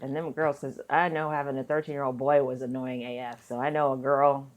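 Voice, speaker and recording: A woman's voice: a bass voice, flat delivery, a little fast. A woman co-hosting a podcast in casual chat, with dry, laid-back remarks. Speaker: podcast co-host.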